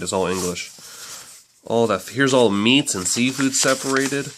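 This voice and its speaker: A man's voice: fairly low pitch, normal speed, fairly bright tone, slight background noise. A man casually reviewing a language book, chatty and rambling, often correcting himself mid-sentence.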